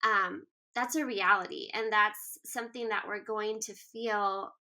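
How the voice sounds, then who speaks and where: A woman's voice: mid-range voice, fairly even intonation, measured pace, sharp tone. A woman in her thirties, a guest author, talking in an earnest, reflective way with frequent "um" and "like" fillers. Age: 30s. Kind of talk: casual interview conversation.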